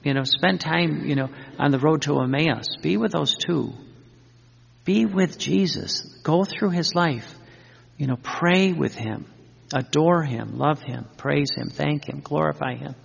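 A man gives an earnest sermon, circling back over his words and piling up long devoted lists. His voice is heavily gravelly and husky at a middling pitch. The sound is dull and lo-fi, with a long hall reverb trailing behind it. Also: a little slow. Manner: earnest, repetitive, with restarts and fervent lists. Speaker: preacher.

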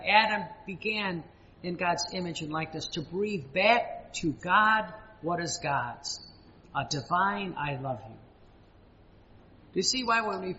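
A man preaching a sermon, emphatic and repetitive, with dramatic pauses and sudden rises. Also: high voice, bright, forceful tone, in a large hall, highs cut off.

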